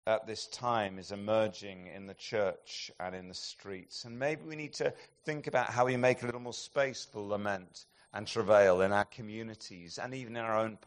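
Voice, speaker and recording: Man preaching with swelling, hushing intensity. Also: lowish voice. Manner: impassioned storytelling, swinging between loud emphatic peaks and hushed, slow passages. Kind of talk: sermon.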